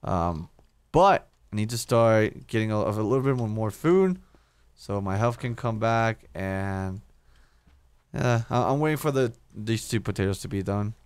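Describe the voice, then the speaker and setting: A man's voice: fairly low pitch, animated, a little slow, smooth, no echo. A young man commentating his own game play, talking to himself, swearing often and repeating words when he panics. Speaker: gaming YouTuber. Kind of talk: casual let's-play commentary.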